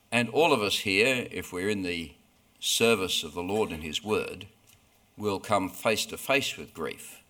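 Male preacher, sermon, unhurried and measured, lowish voice, forceful bright tone. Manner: slow, deliberate, earnest delivery with frequent pauses.

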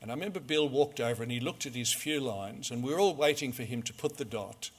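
A man preaching a sermon, measured and storytelling, full of rhetorical questions. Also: medium pitch, breathy edge.

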